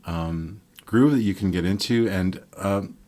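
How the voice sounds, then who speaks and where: An older man from Montreal giving a relaxed, rambling online guitar lesson, counting beats and scatting rhythms aloud. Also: low voice, unhurried. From Montreal, Quebec, Canada. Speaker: guitar teacher.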